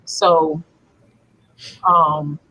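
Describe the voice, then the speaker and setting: A woman's voice: sits low, flat delivery, extremely slow, bright, forceful tone, breathy edge, highs cut off. A woman sharing a personal childhood story earnestly in a casual panel discussion. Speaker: panel guest.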